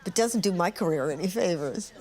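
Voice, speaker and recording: A woman's voice: on the low side, lively intonation, a little fast, over a noisy crowd. An older woman presenter looking back on her past interviews, candid, wry and self-mocking, in a reflective documentary narration.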